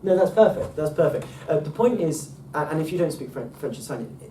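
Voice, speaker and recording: A man's voice: on the high side, lively intonation, fairly quick, mellow. Patient male tutor, roomy distant sound. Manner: patient, hesitant, many ums and restarts. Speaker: Ancient Greek tutor. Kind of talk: relaxed one-to-one teaching. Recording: roomy, far from mic, faint noise.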